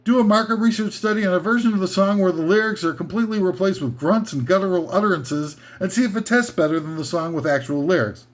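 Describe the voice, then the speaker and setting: High-voiced sarcastic man ranting. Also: fast, hardly any pauses. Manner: sarcastic, heavy with fillers. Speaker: host of a comedy list show. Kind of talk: rambling comedic rant.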